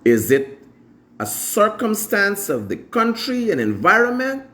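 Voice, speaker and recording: A man's voice: high-pitched, wildly swooping pitch, unhurried, fairly bright tone. A Guyanese man hosting a live morning show, telling stories animatedly and imitating his mother. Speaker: show host. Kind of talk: casual storytelling monologue.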